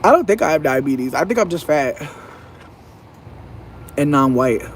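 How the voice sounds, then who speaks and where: A high-pitched man rants to camera in a loose, swearing monologue. He talks animatedly and slips into shrill impressions of the people he quotes. Faint background noise sits under his voice. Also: normal speed. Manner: profane, animated, mimics others in a high voice. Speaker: vlogger. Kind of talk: casual venting monologue.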